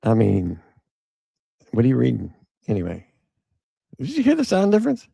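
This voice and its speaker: A man's voice: medium pitch, huge pitch swings, moderate pace, gravelly, warm tone, husky, no room sound, clean studio sound. A male podcast host giving casual commentary, reading an article aloud with sarcastic, rambling asides.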